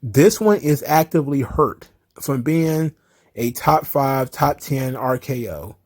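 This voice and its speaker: A man's voice: mid-range voice, animated, slow pace, a little mellow. A man hosting a casual solo wrestling commentary show, ranting sarcastically and cursing often.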